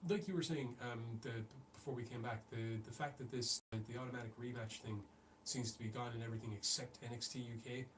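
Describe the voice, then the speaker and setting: A man's voice: medium pitch, steady tone, fairly quick, few pauses. A man co-hosting a wrestling podcast, chatting casually and rambling with lots of restarts. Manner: rambling, restarts often, laughs easily. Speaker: podcast co-host. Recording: distant mic with faint ambient noise.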